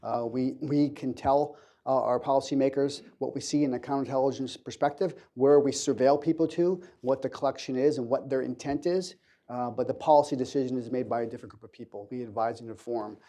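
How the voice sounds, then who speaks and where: Measured government official with a dark voice. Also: male voice, mid-range voice, fairly even intonation. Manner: measured, with many fillers and restarts. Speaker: government counterintelligence official on a panel. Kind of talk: panel discussion answers. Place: conference hall.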